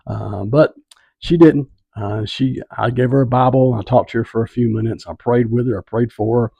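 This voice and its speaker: A man's voice: medium pitch, normal speed, creaky, slightly rough, no echo, muffled recording. A man who does street evangelism tells a personal testimony story in a loose, conversational way, often checking in with listeners. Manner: conversational, asks listeners "right?".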